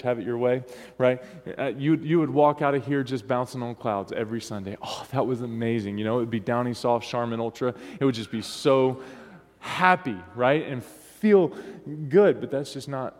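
A pastor preaches a sermon in church, his voice medium-pitched and a little mellow. He talks conversationally and often asks the congregation to respond, and the recording has a long hall reverb.

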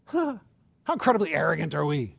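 A man preaching a sermon in a conversational way, asking the listeners rhetorical questions and rising to loud, emphatic passages. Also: fairly high pitch, sing-song, fast, gravelly, breathy edge, dry recording.

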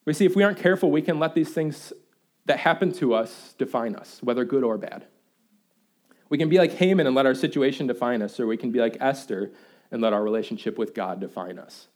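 A young man preaching a sermon in a church, telling playful, animated stories about his baby son. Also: mid-range voice, fairly quick. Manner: animated storytelling, excitable and playful. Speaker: pastor.

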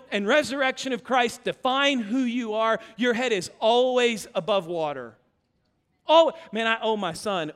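High-voiced preacher with hall echo. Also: male voice, a bit bright, clear, resonant tone. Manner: emphatic, storytelling preacher. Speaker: pastor. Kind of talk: sermon.

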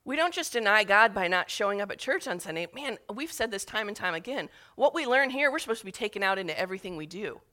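Bright-voiced woman preaching with earnest feeling. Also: mid-range voice, lively intonation, fast, few pauses. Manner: earnest and emotional, with rising intensity on appeals. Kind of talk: sermon.

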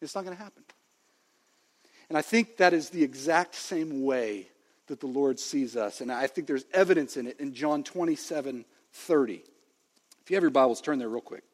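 A man in his thirties preaching a sermon, telling a family story with animated swings between loud and hushed delivery. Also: medium pitch, moderate pace. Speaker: pastor. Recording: long reverb of a large hall.

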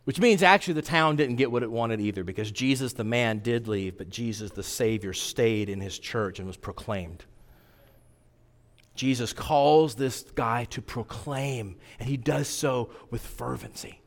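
A man preaching a sermon as pastor, animated, swinging from loud emphatic peaks to hushed intense asides. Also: mid-range voice, measured pace, big-room sound.

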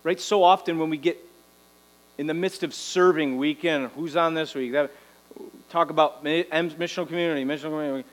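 Male pastor, high voice, exhorting sermon delivery, faint mains hum. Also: steady tone, fairly quick, low-quality recording. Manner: exhorting, rhetorical "right?" tags.

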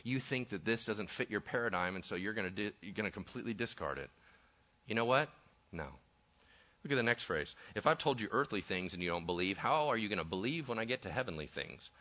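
A man preaching a lively sermon, conversational and full of rhetorical questions. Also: on the low side, fast talker. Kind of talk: animated sermon with acted-out voices. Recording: dull lo-fi sound.

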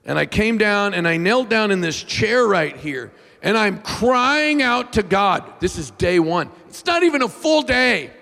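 High, gravelly-voiced preacher in a hall. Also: male voice, a little slow, few pauses. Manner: animated, self-mocking, jumps into loud whiny voices. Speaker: pastor. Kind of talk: sermon with humorous storytelling. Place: church sanctuary. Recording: long reverb in a large hall.

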